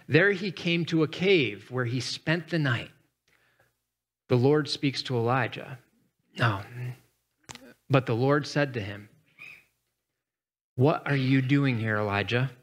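A man's voice: mid-range voice, animated, slow pace, pauses often, a bit bright. A male pastor delivering a conversational sermon, reading scripture with dramatic emphasis and speaking casually between readings.

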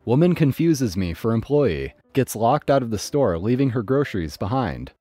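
A man's voice: medium pitch, very animated, normal speed, warm tone, no room sound, faint music behind. A man narrating online stories in a scripted, storytelling read.

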